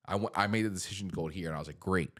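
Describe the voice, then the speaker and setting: A man's voice: deep voice, very fast. A young man co-hosting a podcast, chatting casually with lots of slang and laughter. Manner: animated, laughing, slangy banter. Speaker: podcast co-host. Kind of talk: casual chat.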